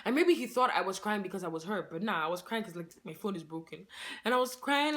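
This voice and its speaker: A woman telling a story on her vlog in a casual, excitable way, laughing along and saying "like" in nearly every phrase. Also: medium pitch, fast. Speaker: vlogger.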